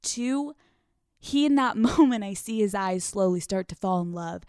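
A young American woman telling a comedic story, profane and lively, acting out the people in it. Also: mid-range voice, slow pace, dry recording, clean studio sound. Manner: animated, profane, acts out quoted voices. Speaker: podcast host.

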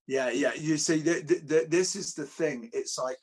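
English man co-hosting a podcast chat: husky voice, jokey and animated when telling stories. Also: fairly high pitch, normal speed. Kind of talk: casual discussion.

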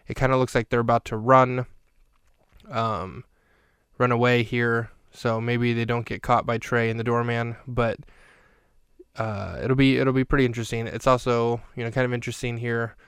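Crisp, dry-voiced man recapping a film. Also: mid-range voice, level tone, moderate pace, a bit bright, dry recording. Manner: chatty, rambling, dry jokes. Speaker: podcast host recapping a film. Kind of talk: casual film recap commentary.

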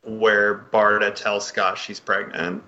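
Man, podcast co-host, very slow delivery, lowish bright voice, halting fillers, muffled lo-fi audio. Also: flat delivery. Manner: halting, enthusiastic, many fillers and restarts. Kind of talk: casual podcast discussion.

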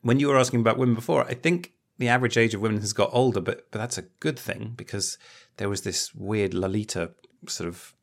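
A man's voice: fairly low pitch, fairly quick, creaky. A man co-hosts a podcast in an easy, chatty way. He explains his points thoughtfully and often qualifies what he says. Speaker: podcast co-host. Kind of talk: casual chat.

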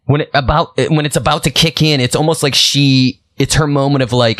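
A man's voice: a little high, a little fast. A man co-hosting a casual music podcast, talking with lots of fillers and restarts. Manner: animated, many restarts and fillers. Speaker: podcast co-host. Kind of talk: casual chat.

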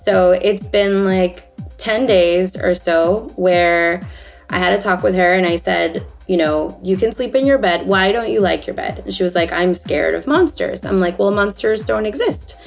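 A woman's voice: fairly low pitch, normal speed, gravelly, faint music behind. A young woman co-hosting a podcast from home, a little under the weather, chatting in an upbeat way and laughing easily. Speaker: podcast co-host. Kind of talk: casual chat. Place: at home, recording remotely.

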